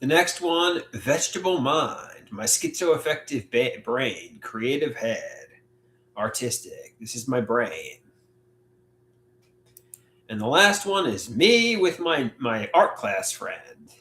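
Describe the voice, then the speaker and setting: A man hosting a live solo stream, talking in a halting, reflective way with many filler words. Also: mid-range voice, lively intonation, fairly bright tone. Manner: halting, reflective, frequent "you know" fillers. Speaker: livestream host. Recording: echoey room.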